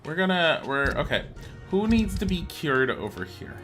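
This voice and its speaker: A man's voice: fairly high pitch, big pitch swings, normal speed, a bit bright. A man chatting sarcastically through a video game, talking to his chat as he plays. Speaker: streamer. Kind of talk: casual gameplay commentary. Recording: game music behind voice.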